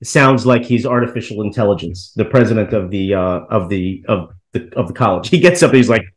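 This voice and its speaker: A man's voice: fairly low pitch, expressive, brisk. A man co-hosting a podcast, arguing his opinions in a heated casual debate and sometimes mimicking others. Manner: opinionated, mimics people in exaggerated voices. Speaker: podcast co-host.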